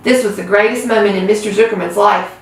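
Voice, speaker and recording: A woman who hosts a reading channel, reading a children's book aloud with gentle storytelling. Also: mid-range voice, fairly even intonation, fast. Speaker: reader. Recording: roomy, far from mic.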